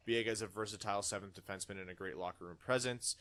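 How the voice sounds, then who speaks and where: A man's voice: lowish voice, rapid-fire, fairly bright tone. A man hosting a casual podcast, reading listener comments aloud in a chatty way. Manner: chatty, reads comments with put-on dramatic voices. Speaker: podcast host.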